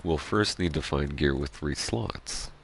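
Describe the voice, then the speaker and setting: A man chatting casually over gameplay, rambling excitedly and swearing freely. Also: rumbling low, a little slow, creaky, husky. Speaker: gaming streamer.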